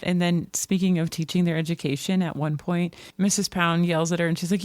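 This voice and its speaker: A podcast co-host retelling a novel's plot in casual chat, with dry, deadpan asides. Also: medium pitch, a little fast, no echo. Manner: chatty storyteller, deadpan asides. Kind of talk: casual book discussion.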